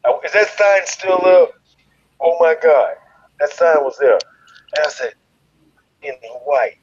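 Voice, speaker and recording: A man from Chicago telling a wild story in an interview, profane and animated, leaping into loud quoted voices. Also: fairly high pitch, measured pace, husky, muffled recording. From Chicago, USA. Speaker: guest, fighter.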